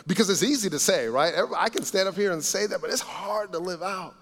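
Earnest male pastor preaching in a reverberant hall. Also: fast talker. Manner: earnest, swings between loud emphasis and soft low asides. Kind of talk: sermon. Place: church sanctuary.

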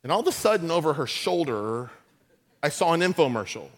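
A middle-aged man preaching a sermon as pastor, telling funny stories with lively asides to the congregation. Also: a little high, fairly quick.

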